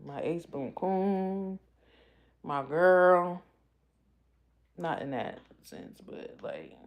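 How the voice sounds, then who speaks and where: A woman vlogger in emotional casual talk, halting and tearful, often repeating herself as she speaks. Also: lowish voice, lively intonation. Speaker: vlogger host.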